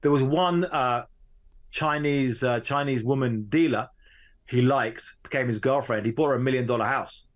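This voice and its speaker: A man, a journalist guest, telling a story in a conversational interview, his pace swinging between quick bursts and slow, drawn-out stretches. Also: mid-range voice.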